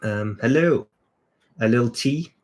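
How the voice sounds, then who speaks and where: A man hosting a casual livestream chat, talking in a relaxed, conversational way that often trails off. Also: mid-range voice, a little slow. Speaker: podcast host and creative director.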